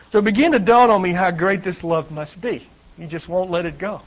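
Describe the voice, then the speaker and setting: Man, middle-aged, pastor's sermon, fairly high-pitched, scripture readings with wry asides, dull lo-fi recording. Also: brisk. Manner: reads scripture aloud, wry asides with chuckles. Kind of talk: sermon, Bible teaching.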